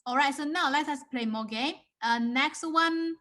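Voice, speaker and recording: Woman with a chinese accent, mandarin teacher, slow and patient, fairly high voice. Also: pushed and bright. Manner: patient, repeats words and checks with "right?". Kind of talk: beginner language lesson.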